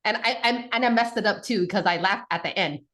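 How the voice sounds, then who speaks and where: A woman, a guest on a talk show, telling a childhood story in a casual, animated way with lots of fillers and restarts. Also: medium pitch, a little fast. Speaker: podcast guest, mother.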